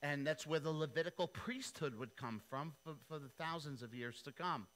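A male pastor preaches with a bright, forceful voice pitched slightly high. He tells the story playfully, with slang and quick asides. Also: animated, poor audio. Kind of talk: sermon with acted-out storytelling.

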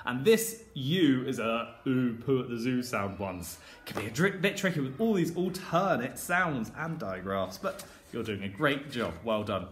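A man teaching a phonics lesson to young children. He sounds out letters slowly and with exaggeration, in an encouraging sing-song teacher voice. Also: mid-range voice, big pitch swings. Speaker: primary school teacher. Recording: echoey room with faint background noise.

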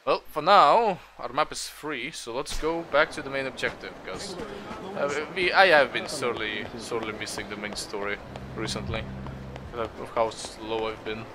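A man's voice: medium pitch, moderate pace, pushed and bright. A man giving rambling, easygoing commentary while playing a video game. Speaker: gaming YouTuber. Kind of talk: let's-play commentary. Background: game music.

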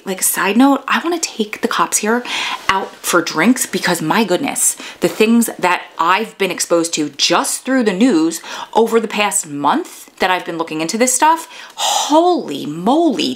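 A woman with a New York accent tells a true crime story like she is chatting with friends. She keeps stepping aside from the case to joke with her viewers. Her voice sits a little low for a woman. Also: fairly bright tone. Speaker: true crime podcast host.

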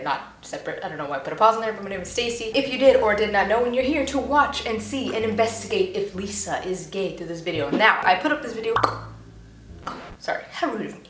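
A woman's voice: mid-range voice, a bit bright. A young woman hosting a casual reaction video, chatty and giggly, playfully voicing the people she watches. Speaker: YouTube reaction host. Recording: echoey room with faint noise.

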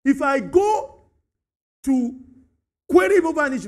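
A Nigerian man preaching a sermon, animated, acting out dialogues and slipping into Pidgin and Yoruba. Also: extremely high pitch, brisk. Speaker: pastor.

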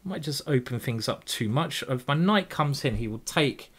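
Casting: English man, mid-pitched, live game commentator, thinks out loud over each move, quick jokes and the odd swear. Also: animated, breathy edge. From England. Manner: chatty, jokey, thinks aloud over moves, swears casually. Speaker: chess grandmaster streamer.

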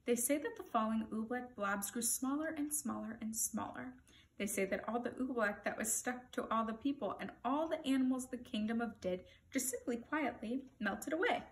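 A woman reads a picture book aloud for children. She is expressive and turns to her listeners with playful asides. Her voice sits slightly high. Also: moderate pace, slight background noise. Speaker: storyteller reading to children.

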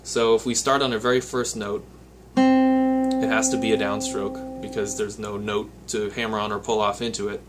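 A man's voice: on the low side, steady tone, normal speed. A man giving a guitar lesson, patiently explaining step by step and counting picking strokes aloud as he plays. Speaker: guitar teacher. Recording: loud guitar playing behind the voice. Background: his own guitar playing.

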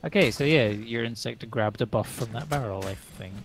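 Man, gravelly, casual gameplay chat, explains things, faint hiss. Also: medium pitch, normal speed. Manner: explains game mechanics, laughs easily. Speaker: streamer.

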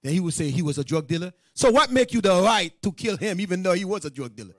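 A man preaching to a class in loose street talk, animated and joking, then scolding the listeners directly. His voice sits fairly high for a man, and the recording is close and dry. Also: quick pace, no echo. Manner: animated, joking, scolding, with many asides to the audience. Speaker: teacher of a religious class.

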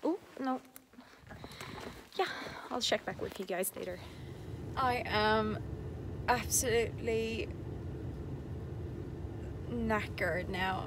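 A woman's voice: mid-range voice, noisy background. A woman vlogger chatting casually to a handheld camera, rambling with lots of fillers. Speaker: horse-riding vlogger. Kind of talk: casual vlog chat to camera.

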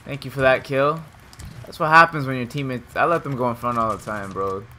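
A young man giving casual, trash-talking commentary while he plays a shooter game, and he jumps up to shouting when things go wrong. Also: mid-range voice, background noise. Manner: trash-talking, excitable, quick swings to shouting. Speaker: gameplay streamer. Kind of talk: casual live commentary over gameplay.

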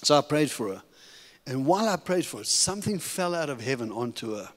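A middle-aged man from Africa giving a sermon testimony as a guest preacher, telling his story in an animated, humorous way. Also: medium pitch, a little fast. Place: church sanctuary. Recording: long reverb of a church hall.

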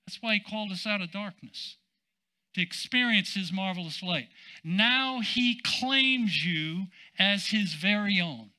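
Older pastor guy preaching slow, real bright edgy tone, leans on words, drops casual asides. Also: high-pitched, animated, poor audio. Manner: emphatic, drawn-out preaching with colloquial asides. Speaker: senior pastor. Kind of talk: sermon.

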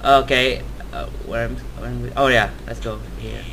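A man's voice: mid-range voice, steady tone, moderate pace, creaky, a bit bright, a little hiss or hum, rough recording. A young man playing a horror video game, reacting with panic, talking to the game and screaming at jump scares, in non-native English phrasing. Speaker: gamer. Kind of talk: horror game let's play commentary.

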